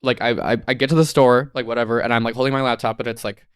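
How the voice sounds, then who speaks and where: A man's voice: mid-range voice, fairly even intonation, fast, clean tone, no room sound, studio quality. A young man in his twenties co-hosting a podcast, telling a long rambling story in casual chat, full of "like" and swearing. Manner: rambling storyteller, heavy use of "like", swears freely. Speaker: podcast co-host.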